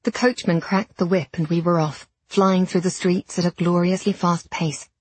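Breathy woman narrating an audiobook. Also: lowish voice, moderate pace, no echo. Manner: steady storytelling with period diction. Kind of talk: scripted first-person narration.

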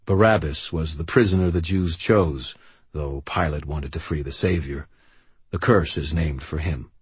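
A man voicing a calm, devout male knight who speaks quietly and in a measured way. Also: rumbling low, slightly rough, no echo, heavily acted. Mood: explaining gently. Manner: quiet, measured, soft-spoken.

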